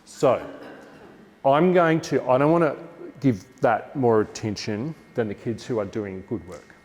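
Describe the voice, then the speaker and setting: An Australian man giving a lively workshop talk to teachers, acting out classroom lines with a bigger, brighter voice. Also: medium pitch, unhurried, in a large hall. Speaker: teacher trainer.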